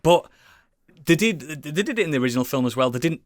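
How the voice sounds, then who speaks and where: A British podcast co-host with a voice on the high side talks fast and expressively in a casual chat. He rambles eagerly, swearing plenty and restarting often, on a dry recording with clean studio sound.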